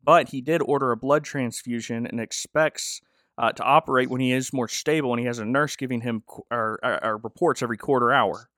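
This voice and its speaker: A man's voice: mid-range voice, a little fast, fairly bright tone, dry recording, studio quality. A man casually recapping a TV episode with joking, rambling asides. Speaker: podcast host.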